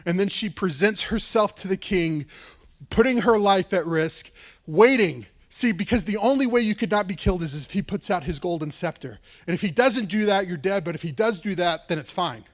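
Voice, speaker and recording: A male pastor retelling a story in a sermon, casual and lively, with frequent "like" and "right". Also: sits high, moderate pace.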